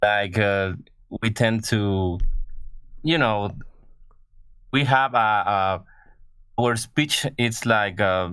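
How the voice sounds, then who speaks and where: Slow Mexican-accented male caller. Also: lowish voice, a bit bright, clean tone, no echo. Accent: Mexican Spanish. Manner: slow, halting, searching for words. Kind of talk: casual call-in chat.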